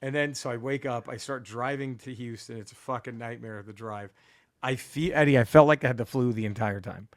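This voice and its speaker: A man's voice: medium pitch, brisk, no room sound, studio quality. A man from Texas telling a profane road trip story as a podcast co-host, acting out what people said. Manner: animated, profane, acts out quotes.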